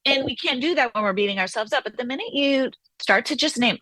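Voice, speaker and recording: A woman therapist talking as an interview guest, animated and acting out inner voices as she explains. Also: on the high side, quick pace, few pauses, no room sound. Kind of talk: conversational interview.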